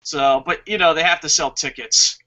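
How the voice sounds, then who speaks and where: High-voiced man ranting, profane. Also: moderate pace, pushed and bright. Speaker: wrestling review host. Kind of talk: casual review chat reading viewer comments. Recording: muffled lo-fi recording.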